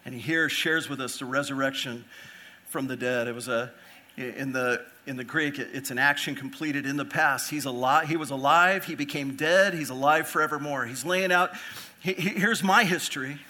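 Bright-voiced man preaching a sermon. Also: medium pitch, moderate pace. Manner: earnest preaching with rhetorical questions; repeats phrases for emphasis. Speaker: pastor. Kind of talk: expository sermon.

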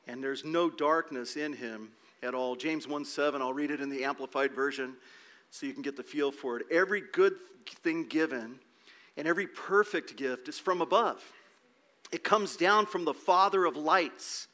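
Male preacher, slightly high, bright voice; emphatic sermon delivery with rhetorical questions. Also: moderate pace. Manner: emphatic, asks rhetorical questions, repeats words. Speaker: pastor.

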